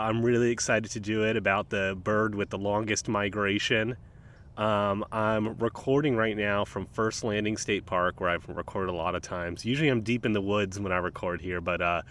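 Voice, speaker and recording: A low-voiced man hosts his nature podcast in an easygoing, chatty way, sprinkling his talk with ums and uhs. He records outdoors at the water's edge in a park. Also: fairly bright tone. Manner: laid-back, rambling, frequent ums and uhs. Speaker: podcast host. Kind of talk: casual solo nature podcast.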